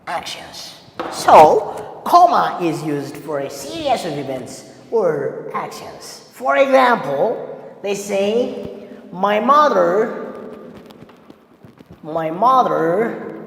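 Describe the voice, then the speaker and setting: Male teacher, slow and deliberate, lively pitch, gravelly edge, roomy reverb, faint background hum. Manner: slow, deliberate, repeating key words for students. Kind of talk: classroom grammar lesson. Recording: echoey room with long reverb and faint ambience.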